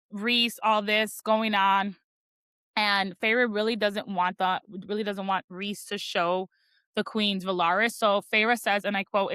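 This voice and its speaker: Bright, animated woman recapping a book. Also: medium pitch, dry recording. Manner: animated retelling, dramatic quotes from the book. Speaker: podcast host. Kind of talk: casual book-club recap.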